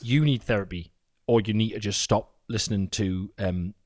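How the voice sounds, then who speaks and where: A man's voice: lowish voice, moderate pace, a little mellow. A man, co-hosting a podcast in casual chat, swearing freely and telling stories with mimicked voices. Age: 40s. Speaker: podcast co-host.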